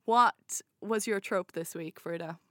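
A woman's voice: fairly low pitch, unhurried, a bit bright, no room sound, studio quality. A woman co-hosting a casual film podcast, enthusiastic and gushing, laughing often. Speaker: podcast co-host.

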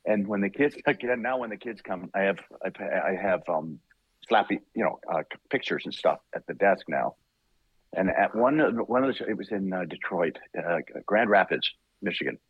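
A male voice actor being interviewed, telling animated, rambling stories and laughing often. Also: low-pitched, husky, no echo, dull audio. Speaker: voice actor guest. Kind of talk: casual interview storytelling.

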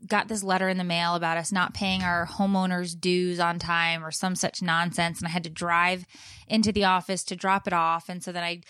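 A woman in her thirties co-hosting a chatty show, telling a story with lively acted-out bits. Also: lowish voice, clean tone, no echo, studio quality. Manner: animated storyteller, acts out her own shouting. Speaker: podcast co-host. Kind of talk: casual chat, storytelling.

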